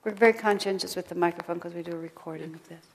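A woman giving an informal spiritual talk to a small group, gentle and conversational, sometimes dropping almost to a whisper. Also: lowish voice, fairly even intonation, very fast, slightly rough. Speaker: spiritual teacher. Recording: long reverb of a hall.

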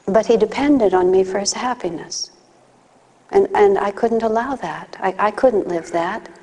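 A woman's voice: mid-range voice, measured pace, mellow. A woman giving a conversational spiritual talk, mixing teaching with personal stories and playful acted asides. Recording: long hall reverb.

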